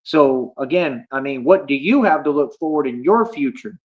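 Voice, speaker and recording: A man's voice: mid-range voice, lively intonation, normal speed, a little mellow. A man livestreaming, ranting at his chat in a boastful, confrontational, slangy way. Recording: dull lo-fi stream audio.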